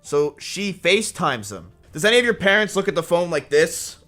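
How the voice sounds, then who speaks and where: Young man, streamer storytelling, rambling, swearing, forceful tone, faint music behind. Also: sits high, normal speed. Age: 20s. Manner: rambling, animated, swears often. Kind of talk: casual storytelling to chat.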